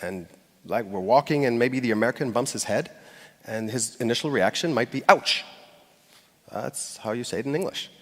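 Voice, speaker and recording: A man's voice: medium pitch, a little fast. A man giving a conversational talk on stage, speaking directly to a live audience. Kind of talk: conference talk. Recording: long hall reverb.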